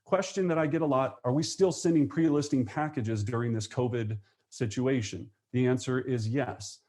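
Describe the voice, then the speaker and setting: A man teaching a live real estate webinar, energetic, acting out sales phone calls in quick voices. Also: mid-range voice.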